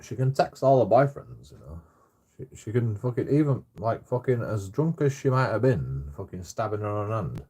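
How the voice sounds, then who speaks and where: A man, telling a rambling story in casual chat, swearing heavily and filling every pause with "you know". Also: lowish voice, sing-song, mellow, breathy edge. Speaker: storyteller recounting his own troubles.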